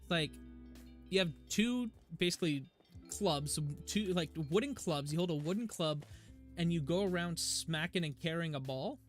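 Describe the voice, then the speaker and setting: A talkative man on a live game stream, his voice sitting a little high for a man. He rambles loosely between topics and breaks into easy laughter as he plays. Soft game music runs underneath. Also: animated, normal speed. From United States. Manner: chatty and rambling, laughs easily. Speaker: gaming streamer. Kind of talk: casual live-stream chat while playing. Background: faint game music.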